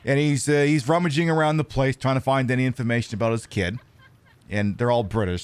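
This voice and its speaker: A man's voice: mid-range voice, fairly even intonation, a little fast, clean tone. An American man chatting casually while streaming a game, rambling and stammering through restarts. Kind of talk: casual chat while gaming.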